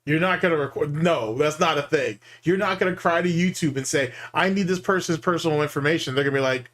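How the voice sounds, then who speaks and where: A man's voice: a little high, fairly even intonation, fast talker, a bit bright. A man hosting a reaction stream, sarcastic and incredulous as he picks apart a clip. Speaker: commentary host. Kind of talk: mocking reaction commentary.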